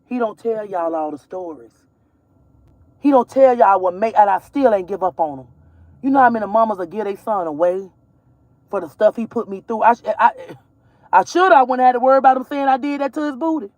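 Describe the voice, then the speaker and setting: A woman's voice: on the high side, brisk, darkish tone, no room sound. A woman from Georgia, ranting bluntly and profanely about her son in a casual vlog recorded while driving. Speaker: mother vlogger.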